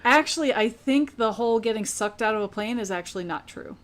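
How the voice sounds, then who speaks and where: A woman's voice: fairly high pitch, fairly quick. A woman casually recapping a book on a podcast, chatty and laughing often. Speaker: podcast co-host.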